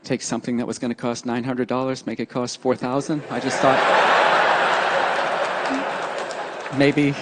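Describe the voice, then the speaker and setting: A man's voice: mid-range voice, flat delivery, very noisy, voice pushed down, lightly acted. A man putting on a timid, hesitant wife. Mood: tentative. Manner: soft, halting, full of ums and uhs. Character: timid hesitant wife tiptoeing around a request.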